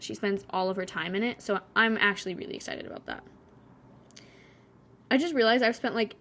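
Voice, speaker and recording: A woman in her twenties rambling casually through a painting vlog voice-over, chatty and wry, with sarcastic asides. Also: medium pitch. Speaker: vlogger.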